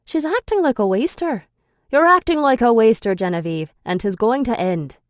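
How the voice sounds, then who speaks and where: A woman's voice: fairly high pitch, sing-song, moderate pace, a little mellow, no echo, clean studio sound, pitched above the performer's own voice. A woman voicing a bossy, hot-tempered supernatural young man who scolds and commands. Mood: angry.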